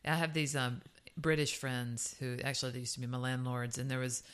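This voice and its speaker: A woman's voice: very deep voice, little pitch movement, brisk, clean tone. A woman from Georgia, co-hosting a podcast in easygoing, joking casual chat. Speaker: podcast co-host.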